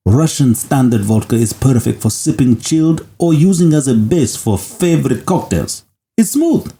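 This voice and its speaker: A man's voice: medium pitch, dark tone, echoey room, pitched above the performer's own voice, natural voice. A man doing a mock-Russian male announcer for a vodka ad, overblown and salesy.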